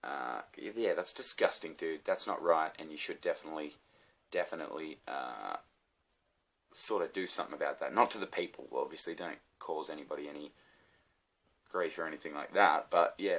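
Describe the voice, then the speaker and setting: Australian male vlogger, very deep voice, loose sweary rambling rant. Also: fairly bright tone. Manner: swearing, ranting, rambling with many fillers. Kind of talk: casual rant to camera.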